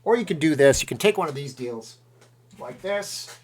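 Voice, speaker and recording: A man's voice: fairly high pitch, animated, normal speed, darkish tone. A middle-aged man casually chatting on a live stream, reading out donor names and rambling through asides.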